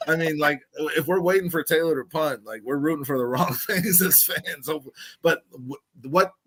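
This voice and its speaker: A man hosting a casual sports talk show, laid-back and quick to laugh while reading viewer chat. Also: a little high, a bit bright, slightly rough.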